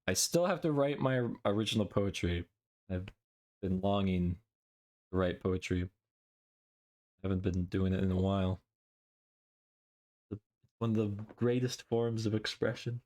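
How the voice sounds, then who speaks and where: A man's voice: fairly low pitch, unhurried, long pauses, darkish tone. A young man streaming as a VTuber, chatting with viewers and reciting his own poetry in a dramatic way. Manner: dramatic recitation, then playful chat with silly noises. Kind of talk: casual stream chat and poetry reading.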